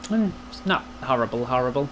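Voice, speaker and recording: A man's voice: medium pitch, lively intonation, brisk, background noise. A man hosting a casual question-and-answer vlog, rambling and self-deprecating with plenty of jokes. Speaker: YouTube channel host. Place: home recording space.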